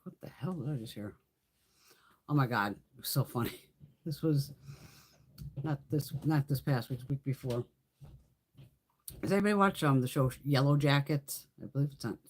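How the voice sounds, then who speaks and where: A woman chats her way through a live makeup try-on, loose and unfiltered, cursing freely and laughing often. Her pitch swings widely as she tells her stories. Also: big pitch swings, fairly quick, long pauses, slightly rough. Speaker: beauty livestream host. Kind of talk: casual chat during makeup try-on.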